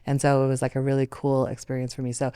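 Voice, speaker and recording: A Canadian woman in her thirties talks casually and tells her story with lots of fillers and bursts of animation. Her voice sits low and sounds smooth and clear. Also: monotone, quick pace, warm tone. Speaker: interview guest, Olympic athlete. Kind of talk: casual panel conversation.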